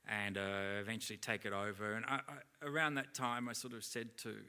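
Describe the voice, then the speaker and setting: A man's voice: on the low side, level tone, brisk, pushed and bright, smooth. A middle-aged man, a guest at a live on-stage interview, telling rambling anecdotes and acting out other people's lines. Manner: rambling anecdotes full of acted-out dialogue. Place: theatre stage at a live event.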